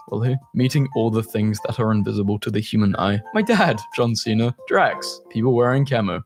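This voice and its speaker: Man reacting to memes, deadpan and exasperated. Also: medium pitch. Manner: reads captions aloud, then reacts with deadpan jokes; exasperated outbursts. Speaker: meme reaction channel host. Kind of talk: casual meme reaction commentary.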